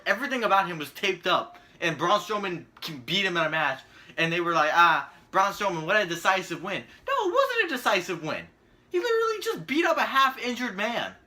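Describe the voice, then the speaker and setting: A man's voice: high-pitched, bright, forceful tone. A man giving a profane, sarcastic ranting video commentary as a vlogger.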